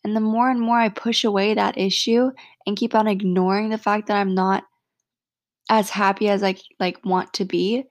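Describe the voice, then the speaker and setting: A young woman talks straight to her listeners in a casual solo podcast, earnest and blunt, full of "like" and swearing. Her mid-range voice has a steady gravelly fry. The sound is dry and close. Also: medium pitch, normal speed, no echo. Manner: frank and heartfelt, swears freely, many "like" fillers. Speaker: podcast host.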